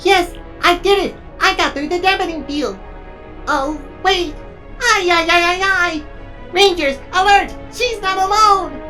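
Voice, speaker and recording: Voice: very high-pitched, unhurried, pushed and bright, distant mic, faint music behind, heavily acted. A performer voicing a panicky little robot assistant in an audio drama, crying out in alarm. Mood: frantic alarm. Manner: panicky, exclaiming.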